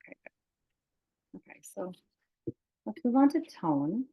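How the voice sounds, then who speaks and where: A woman presenting a webinar on a video call, relaxed and filling pauses with "okay". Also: medium pitch, breathy edge, dull audio.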